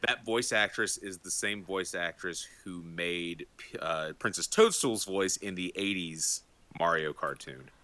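A male podcast co-host with a low but bright voice. He speaks in a knowledgeable way, listing details at length. The sound is dry and close, with no room echo. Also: a little slow. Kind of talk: casual podcast chat.

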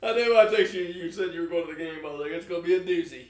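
High-voiced man who laughs along. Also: very fast, a little mellow, echoey room. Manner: laughs a lot and chimes in with short jokes. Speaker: podcast co-host. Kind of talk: casual chat.

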